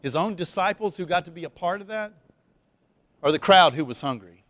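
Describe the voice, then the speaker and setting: Chatty pastor with a higher male voice. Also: animated, a little fast, a bit bright, a little hiss or hum. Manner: chatty, folksy, lots of fillers and restarts. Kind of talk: conversational sermon.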